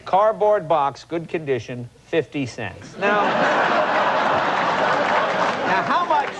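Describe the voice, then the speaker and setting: A man's voice: fairly high pitch, sing-song, slow pace, muffled recording, a loud crowd, very noisy. A man in his forties hosting a late-night show, reading odd newspaper clippings with wry, mock-incredulous asides. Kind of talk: comic monologue reading clippings. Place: television studio with live audience. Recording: loud studio audience laughter.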